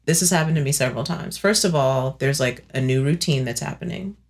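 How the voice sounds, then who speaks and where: A woman in her thirties co-hosting a casual chat podcast, animated and acting out her own thoughts in playful voices. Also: rumbling low, brisk, vocal fry. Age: 30s. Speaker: podcast co-host.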